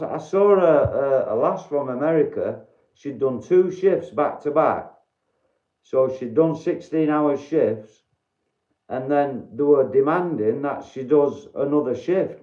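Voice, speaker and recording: A Yorkshire-accented man hosts a relaxed livestream, talking bluntly and swearing freely as he greets viewers by name. His voice sits at an ordinary pitch and carries a noticeable room echo. The audio is slightly dull and muffled. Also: unhurried. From Doncaster, Yorkshire, England. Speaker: livestream host. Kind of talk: casual livestream chat with viewers.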